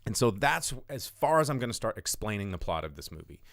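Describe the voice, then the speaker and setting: A man's voice: lowish voice, very animated, fast talker, creaky, a bit bright, no room sound, studio quality. A man hosting a show, casually recapping a film plot in a rambling, irreverent way with some swearing. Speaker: podcast host. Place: home studio.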